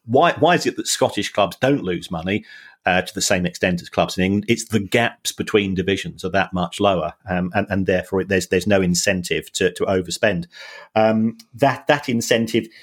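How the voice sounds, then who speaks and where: A middle-aged man talking football money on a podcast in a fairly low voice. He explains in a halting, stop-start way and repeats words as he thinks. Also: husky. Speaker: football finance analyst, podcast co-host. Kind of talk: casual podcast chat.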